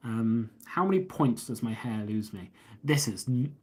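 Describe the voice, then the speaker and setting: A man's voice: medium pitch, expressive, measured pace, darkish tone, slightly rough. Rambling English man on a live stream. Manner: rambling, reads viewer comments aloud and answers them. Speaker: host of a live stream about watches. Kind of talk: casual live stream chat. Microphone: phone held up.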